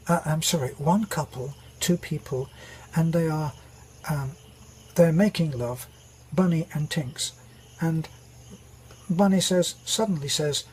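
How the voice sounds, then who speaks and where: A man hosting his channel, telling jokes in a rambling way with many pauses and restarts. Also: fairly high pitch, slightly rough, low-quality recording. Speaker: channel host. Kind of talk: casual joke telling.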